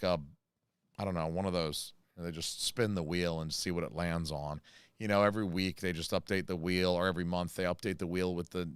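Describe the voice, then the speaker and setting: An American man chatting on a casual livestream, his voice a little low and smooth. He rambles and jokes with plenty of fillers, and the sound is dry and close. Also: dry recording. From United States. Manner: rambling, jokey, many fillers and asides. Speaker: channel host reading live chat.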